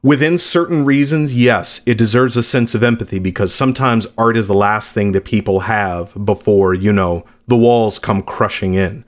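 A man's voice: fairly low pitch, normal speed, few pauses. A man in his late thirties, a musician being interviewed, speaking candidly and reflectively, sometimes blunt. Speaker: musician guest. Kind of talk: interview conversation.

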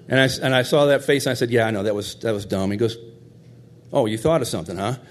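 A man's voice: mid-range voice, brisk. Heartfelt middle-aged man telling a story. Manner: heartfelt, conversational, tender. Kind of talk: personal storytelling.

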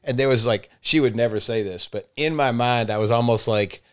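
A man guest in a podcast interview, telling a story in an animated way and repeating "like" often. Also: mid-range voice, fairly quick, clean tone. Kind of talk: casual conversational storytelling.

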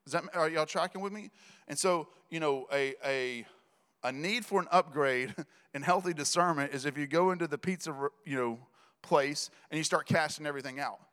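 A man preaching in a conversational, joking storytelling style, building to loud emphatic passages. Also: a little high, normal speed, clear, resonant tone. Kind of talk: sermon storytelling. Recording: reverberant hall.

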